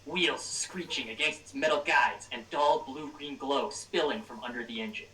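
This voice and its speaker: A man's voice: medium pitch, normal speed, sharp tone. A man running a tabletop game as dungeon master, reading scene-setting narration and casually asking his players questions. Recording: roomy, distant mic, faint noise.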